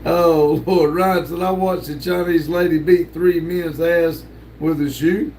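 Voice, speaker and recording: A man's voice: fairly high pitch, steady tone, a little slow, a little mellow, a little hiss or hum. An older man, hosting a casual livestream and reading chat messages aloud in a laid-back drawl with lots of laughs. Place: home room with sticker wall.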